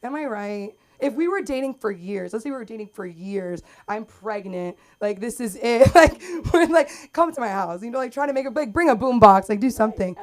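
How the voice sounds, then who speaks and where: A young woman performs stand-up at an open mic, rambling and chatty on a brightly lit comedy club stage and acting out quotes. Her voice is on the high side, and she talks briskly with few pauses.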